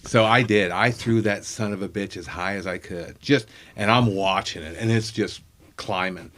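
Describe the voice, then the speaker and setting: A man's voice: on the low side, normal speed, fairly bright tone. A comedian telling a profane, self-mocking story from his childhood in casual chat.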